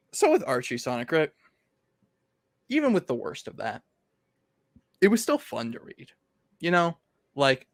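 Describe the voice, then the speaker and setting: Male podcast host, higher voice, rambling casual delivery, dead dry sound. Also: a bit bright, no echo. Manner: rambling, laughing, many fillers and restarts. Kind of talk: casual comic review chat.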